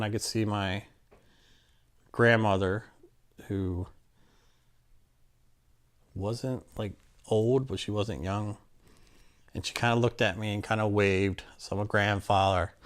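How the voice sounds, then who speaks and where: A middle-aged man candidly recounting a personal story in an interview, acting out what people said. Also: on the low side. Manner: candid, plainspoken, acts out quotes.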